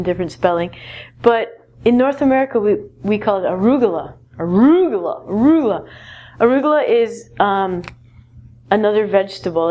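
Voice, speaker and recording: A woman's voice: mid-range voice, darkish tone, slight background noise. A woman from Canada, teaching a vocabulary lesson in a chatty, playful way with joking asides. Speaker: English teacher.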